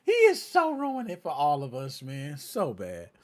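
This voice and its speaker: A man's voice: on the high side, wildly swooping pitch, normal speed. A man hosting a casual gaming podcast, joking around in loose, slangy banter. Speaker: podcast host.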